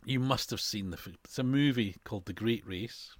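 Male podcast co-host, low and dry, chatty and rambling. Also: normal speed, no echo. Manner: chatty, laughs often, rambling. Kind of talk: casual chat. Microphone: headphones and desk mic.

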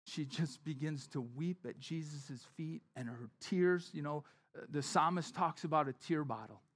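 A man preaching a sermon as pastor, talking conversationally and acting out the people in the story. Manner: conversational, acts out quotes with shifting pitch and volume.

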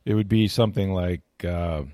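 A man's voice: low-pitched, steady tone, normal speed, mellow, no echo, studio quality. A man talking football as a guest analyst in casual radio chat, rambling with many fillers and restarts.

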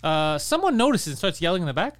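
A man, a podcast co-host, telling a story in casual comedic chat, fast and profane as he rants. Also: fairly high pitch, sing-song, no room sound, studio quality.

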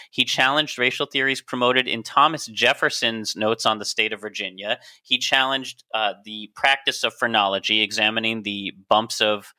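Playful, bright-voiced man explaining facts. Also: medium pitch. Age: adult, a doctor. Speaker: podcast co-host. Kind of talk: casual podcast chat.

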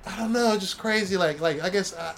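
Fast-talking, profane middle-aged man. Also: sits high, faint music behind. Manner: rambling, profane, animated, quick. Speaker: comic artist. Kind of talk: casual chat.

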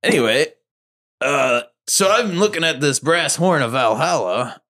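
A man's voice: fairly high pitch, measured pace. A man from the northern US playing a tabletop game, chatting casually and reading item descriptions aloud. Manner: relaxed, reads item text aloud with laughs. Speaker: player.

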